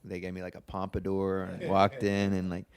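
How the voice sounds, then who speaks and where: A man, a guest singer, telling his story in a relaxed, casual way, often saying "like". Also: deep voice, normal speed. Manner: relaxed, filler-heavy, says "like" often.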